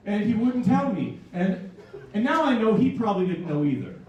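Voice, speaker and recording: A man's voice: high-pitched, sing-song, normal speed, darkish tone, lo-fi sound. A man in his thirties from Canada doing a self-deprecating stand-up set, rambling with fillers and slipping into put-on voices. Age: 30s. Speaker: stand-up comedian. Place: comedy club stage with a live audience. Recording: echoey club from a distant mic, crowd laughter.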